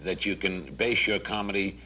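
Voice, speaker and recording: A man's voice: sits low, level tone, normal speed, pushed and bright, slight background noise. An older man hosting a comedy talk show, bantering and questioning his guest in a showbiz manner.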